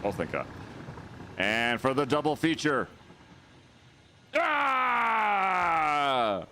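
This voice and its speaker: A man's voice: mid-range voice, big pitch swings, normal speed, background noise. A man streaming a video game, chatting with his viewers in a playful, jokey way. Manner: playful, jokey, shrieks and laughs. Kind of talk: casual live-stream chat.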